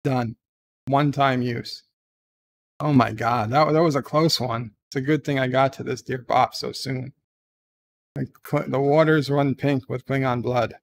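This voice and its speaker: A man hosting a casual livestream, reading viewer letters and chat with jokey, deadpan replies. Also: medium pitch, unhurried, vocal fry, slight background noise. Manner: jokey, deadpan, with frequent fillers. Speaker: livestream host.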